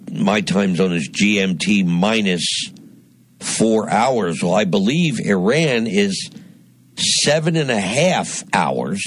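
A man hosting a radio talk show, delivering a deliberate, emphatic commentary monologue with dramatic pauses. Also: on the low side, husky. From Northeast Pennsylvania.

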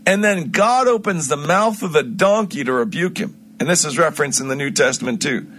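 A man giving an informal Bible teaching on his own stream, telling the story in an emphatic, animated way with frequent restarts and asides. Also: fairly high pitch, a little fast.

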